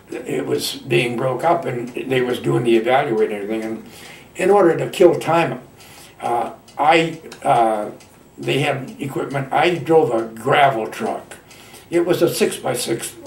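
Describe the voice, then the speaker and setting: A man in his nineties from Michigan, a veteran telling his war memories in a halting, folksy way with plain colloquial grammar. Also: mid-range voice, creaky, echoey room, recorded from a distance. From Michigan, United States. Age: 90s. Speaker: veteran interviewee. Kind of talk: oral history reminiscence.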